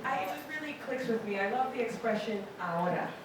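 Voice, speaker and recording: A woman with a fairly high voice doing a punchy, profane stand-up set. The sound is echoey and distant, as if from a club room, with clear background noise. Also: lively intonation, fast talker. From Los Angeles, California. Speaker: stand-up comic. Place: comedy club stage with a live audience.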